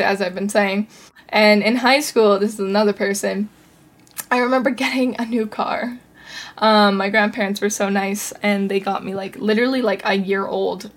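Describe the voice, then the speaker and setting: A young adult woman hosting a casual solo podcast, chatty and sarcastic, with lots of "like". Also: mid-range voice. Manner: chatty, sarcastic, heavy use of "like". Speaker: podcast host.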